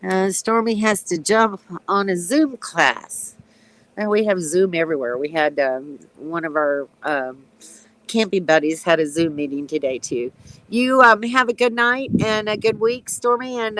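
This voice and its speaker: A woman in her sixties, a retired nurse, chatting casually on a live stream from her backyard, with a stuffy, runny nose, clearing her throat and chuckling. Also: medium pitch, unhurried, a bit bright, poor audio. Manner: chatty, reads out comments, frequent ums and chuckles.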